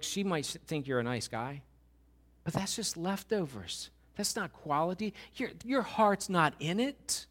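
A male pastor preaching a sermon, swinging between quiet asides and loud, urgent pleading. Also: on the high side.

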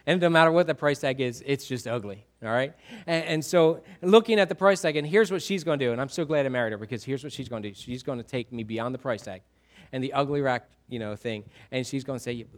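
A man's voice: medium pitch, fast talker. A middle-aged man preaching a sermon in a conversational way, asking the congregation questions and often repeating himself. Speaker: pastor.

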